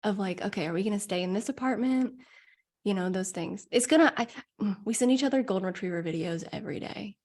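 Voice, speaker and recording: A woman guest on a podcast, an astrologer, talking in casual chat. She fills her sentences with "like" and laughs easily. Her voice sits at a middle pitch. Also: quick pace, a little mellow. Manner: chatty, uses "like" a lot, laughs easily.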